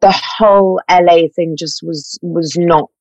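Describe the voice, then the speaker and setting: A woman, an actress talking in an animated, chatty way with fillers and self-corrections in an interview. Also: on the low side, a little slow, dry recording. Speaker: actress guest. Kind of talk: casual interview chat.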